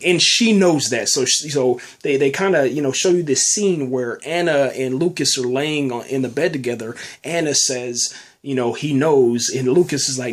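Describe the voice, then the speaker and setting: A man's voice: mid-range voice, normal speed. Rambling man, casual podcast review. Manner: rambling, many fillers and restarts, says "man" often. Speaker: podcast host reviewing a TV episode.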